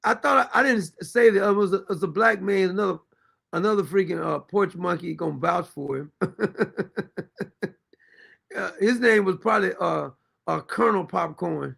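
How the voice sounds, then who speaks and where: A man hosting a talk show, commenting loudly and incredulously on played clips. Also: high-pitched, moderate pace, gravelly, long pauses. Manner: incredulous, loud outbursts, frequent laughter. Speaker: show host. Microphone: streaming mic.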